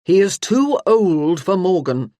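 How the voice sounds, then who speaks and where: A woman's voice: medium pitch, sing-song, moderate pace, darkish tone, no room sound, clean studio sound, voice pushed up. A woman voicing a firm, protective nobleman in an audiobook. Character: Ranulph, firm protective brother.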